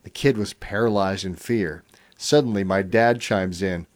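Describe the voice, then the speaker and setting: Deep-voiced and a little slow, a middle-aged radio host reads listener comments aloud during a call-in show. He chuckles along and keeps the storytelling relaxed, with easy fillers sprinkled in.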